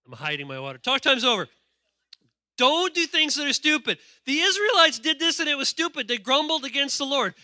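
A man preaching a lively sermon, reading scripture aloud with playful asides and calling on the congregation to respond. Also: very high-pitched, fairly quick, dry recording, studio quality. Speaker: pastor.

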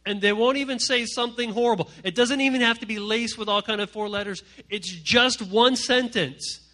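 A man preaching to a youth group from a stage, animated and joking as he acts out the voices of the people he quotes. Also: extremely high pitch, moderate pace. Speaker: youth pastor. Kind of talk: energetic comic sermon to a youth group. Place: stage before a live audience.

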